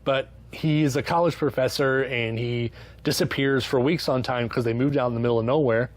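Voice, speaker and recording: A man's voice: mid-range voice, steady tone, moderate pace, no echo. A man giving a casual, sarcastic book review, swearing freely and tossing in mock-voiced asides. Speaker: book reviewer, channel host.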